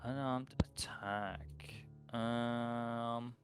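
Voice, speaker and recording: A man playing in a tabletop game, speaking casually and hesitantly with lots of pauses and restarts. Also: mid-range voice, steady tone, music in the background. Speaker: player.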